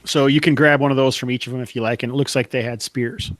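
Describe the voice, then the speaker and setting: A man's voice: mid-range voice, steady tone, quick pace, a bit bright, dry recording, low-quality recording. A man running a tabletop game as game master, describing the scene with frequent chuckles and fillers.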